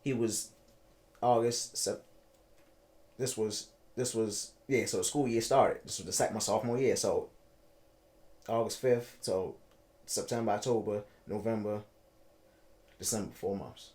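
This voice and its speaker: A man in his thirties from Baltimore, a podcast guest telling a personal story in a halting way, repeating words and acting out what people said. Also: fairly low pitch, fairly even intonation, a little mellow. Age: 30s.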